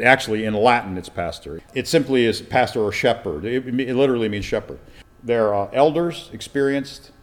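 Speaking in a voice on the low side, a male pastor walks through the Bible verse by verse in a conversational style, regularly asking his audience rhetorical questions.

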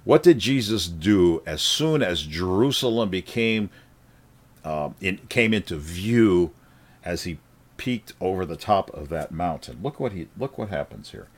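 Man, sermon preacher, animated delivery, low-ish voice, emphatic then hushed. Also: a little slow, slightly rough. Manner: animated, rising emphatic then dropping quiet.

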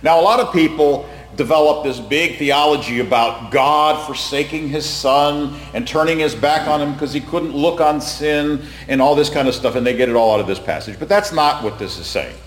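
A man's voice: fairly high pitch, moderate pace, few pauses. Man teaching Bible class in an echoey hall. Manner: conversational, quizzes the class, repeats words. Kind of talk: Bible study lecture. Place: room with a class present.

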